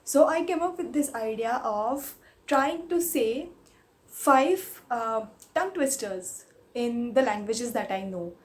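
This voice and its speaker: A woman's voice: a little high, lively intonation, takes it slowly. A woman, a Marathi speaker, chatting casually on her vlog and reading tongue twisters aloud. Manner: chatty, giggly, switches between English and Hindi. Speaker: YouTuber.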